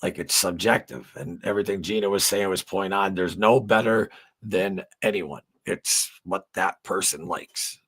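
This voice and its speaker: A man's voice: sits low, fairly even intonation, moderate pace, fairly bright tone, husky. A middle-aged man hosting a livestream, chatting loosely with viewers, rambling with lots of fillers and swearing freely. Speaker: livestream host. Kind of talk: casual livestream chat with viewers.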